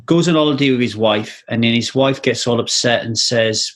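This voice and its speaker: A man's voice: medium pitch, moderate pace, hardly any pauses. A man hosting a casual interview, candid and swearing freely as he tells stories. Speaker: podcast host.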